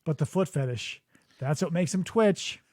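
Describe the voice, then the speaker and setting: Podcast host, male, high lively voice, mocking riffs, dry studio sound. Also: moderate pace, dry recording. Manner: animated, mocking impressions. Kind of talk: casual comedic chat. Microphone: studio mic.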